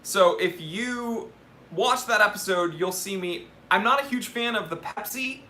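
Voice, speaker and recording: A man's voice: sits high, a little slow, pushed and bright. A young man hosting a live watch Q&A stream, reading viewer questions and giving candid, joking opinions.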